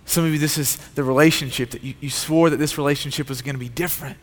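A man's voice: on the high side, steady tone, quick pace. A male pastor preaching a sermon with an earnest, repetitive cadence. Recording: long hall reverb.

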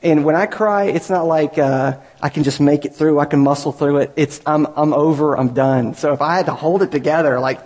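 Male pastor, slightly high, breathy voice, earnest sermon delivery. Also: normal speed, few pauses, a little mellow. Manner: earnest, builds to raised emphatic peaks. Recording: reverberant hall.

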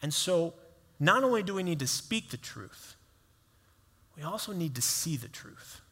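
A man's voice: on the high side, expressive, unhurried, a bit bright, slightly rough. Male pastor, conversational sermon in a reverberant hall. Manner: conversational preaching, acts out quoted voices.

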